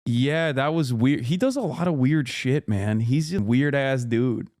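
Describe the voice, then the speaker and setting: A man reacting to clips on his stream in casual commentary, blunt and profane, talking excitedly to his chat. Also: mid-range voice, a little slow, no echo, studio quality.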